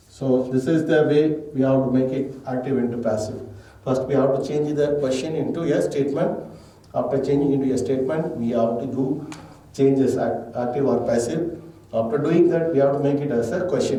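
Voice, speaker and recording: A man's voice: medium pitch, dark tone. Man teaching grammar in an echoey room. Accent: Indian English. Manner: explains step by step, asks and answers own questions. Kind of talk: grammar lesson. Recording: echoey room, distant mic.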